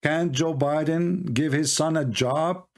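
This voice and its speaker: Combative mocking man, slightly high voice. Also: slow pace. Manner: combative, mocking, rhetorical questions; non-native English grammar. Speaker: religious debater. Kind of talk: live call-in debate commentary.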